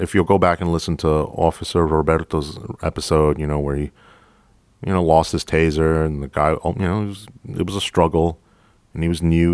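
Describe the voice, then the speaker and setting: Deep-voiced profane cop storyteller. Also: male voice, no echo, studio quality. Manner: profane, animated storyteller acting out dialogue. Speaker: police officer podcast host. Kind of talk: storytelling monologue.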